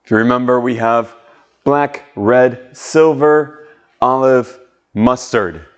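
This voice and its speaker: A man's voice: medium pitch, takes it slowly, clean tone. A man teaching an online English pronunciation lesson, patiently drawing out sounds and leading drills. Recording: muffled lo-fi audio.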